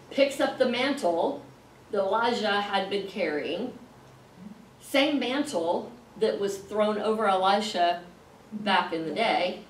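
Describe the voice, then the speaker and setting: Woman teaching a Bible class from across a roomy space. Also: mid-range voice. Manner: conversational, explaining with pauses and fillers. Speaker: Sunday school teacher. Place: classroom with a group. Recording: roomy, distant mic, faint noise.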